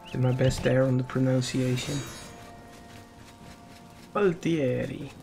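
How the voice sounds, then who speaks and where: A man's voice: mid-range voice, vocal fry. A man giving casual commentary while playing a game, muttering to himself with wry remarks and the odd swear. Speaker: let's play host.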